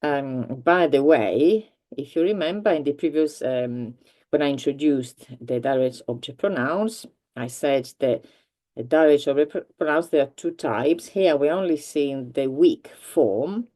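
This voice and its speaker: A woman's voice: low voice, a little slow, dark tone. A woman teaching a language grammar lesson, explaining patiently with many ums and restarts. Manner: patient, repeats points for learners.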